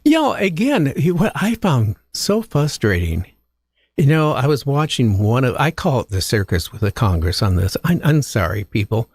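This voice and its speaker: A man's voice: medium pitch, very animated, moderate pace, breathy edge, no room sound, clean studio sound. A male talk show host chatting casually, rambling with many fillers. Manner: rambling, many fillers like you know and again. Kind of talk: casual chat.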